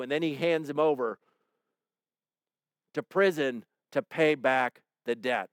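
A man's voice: mid-range voice, takes it slowly, long pauses, clear, resonant tone, dry recording, clean studio sound. A man preaching a sermon in a conversational way, retelling a parable and acting out its quoted lines. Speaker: pastor.

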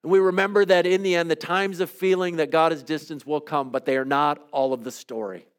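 A man leading a devotional, praying aloud in an earnest, pleading way with soft, hushed trailing endings, then teaching calmly. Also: a little high, fairly quick, clear, resonant tone. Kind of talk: reflective spoken prayer and teaching.

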